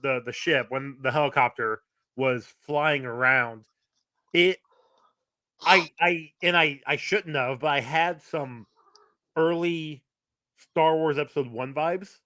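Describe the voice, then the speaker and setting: A man's voice: on the high side, slow, pushed and bright, no room sound. A man co-hosting a podcast, chatting casually and rambling with many restarts and fillers. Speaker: podcast co-host. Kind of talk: casual chat.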